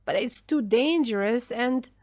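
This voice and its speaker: A woman's voice: a little high, measured pace, a little mellow, no room sound, close to an everyday voice. A woman reading a storybook voices an angry, tired and frightened male ship's engineer, raising her voice in exasperation. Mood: exasperated.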